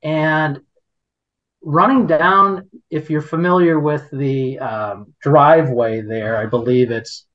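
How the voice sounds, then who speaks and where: A man's voice: fairly high pitch, steady tone, slow, dull audio. A man hosting a podcast, telling a story in casual chat, indignant and rambling with many restarts. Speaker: podcast host.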